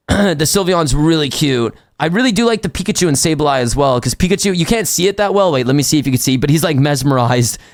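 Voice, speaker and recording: A young man live-streaming a haul and unboxing, chatting excitedly with his viewers. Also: fairly high pitch, brisk. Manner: excitable, talks to chat.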